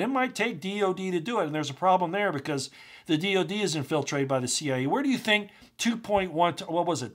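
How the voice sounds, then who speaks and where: Male host, fairly high voice, heated monologue, firing off rhetorical questions. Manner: starts low and subdued, grows loud and agitated, rhetorical questions. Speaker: commentary channel host. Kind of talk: impassioned political monologue.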